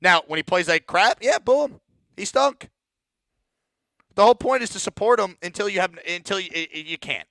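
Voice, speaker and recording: A man's voice: high-pitched, fast talker, few pauses, sharp tone, dry recording, clean studio sound. A man hosting a postgame call-in sports show, ranting bluntly and repeating words when he gets heated. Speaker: sports talk show host.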